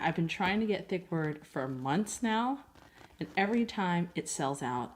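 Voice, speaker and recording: A woman's voice: lowish voice, animated, moderate pace. A woman chatting casually and gushing as she reviews slime. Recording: slime crinkling and clicking sounds.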